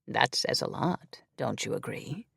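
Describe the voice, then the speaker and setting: A man voicing an obsessive, possessive male immortal shifter in an audiobook, talking low, cold and controlled. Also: lively intonation, unhurried, vocal fry, a bit bright, breathy edge, no room sound, studio quality, heavily acted.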